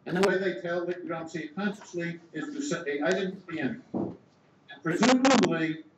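A man's voice: fairly high pitch, expressive, distant mic. Older man explaining philosophy, echoey room. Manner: measured, thinks aloud with restarts. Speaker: philosopher interviewee. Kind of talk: academic interview explanation. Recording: echoey room, dull sound, background hiss.

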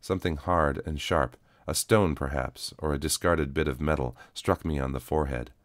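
A man narrating a first-person audio story in a calm, even storytelling manner. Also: very deep voice, normal speed, no room sound, clean studio sound.

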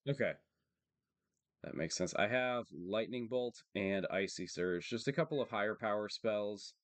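A male streamer walks his viewers through a card game match in a monotone, matter-of-fact voice. He sits low in pitch and speaks close to a dry microphone. He thinks aloud about each play at an even, unhurried pace. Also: dry recording. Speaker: streamer and tournament player. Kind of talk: live card game commentary.

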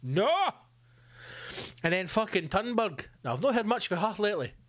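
A man's voice: high-pitched, sing-song, moderate pace, a bit bright, dry recording. A man hosting a podcast, ranting comically with sarcastic swearing asides. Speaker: podcast host. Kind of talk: comic rant. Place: home room.

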